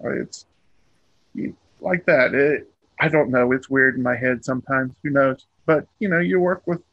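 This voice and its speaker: A man's voice: medium pitch, moderate pace, gravelly, no echo, dull audio. Hesitant, rambling male comic artist. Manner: rambling, hesitant, many ums and restarts. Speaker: comic book artist guest. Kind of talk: casual interview.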